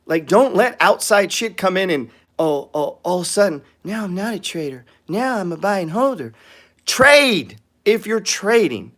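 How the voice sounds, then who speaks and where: Blunt, profane trading show host. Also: male voice, high voice, normal speed, few pauses. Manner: blunt, swearing, animated, acts out other people's lines. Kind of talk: profane ranting talk on trading.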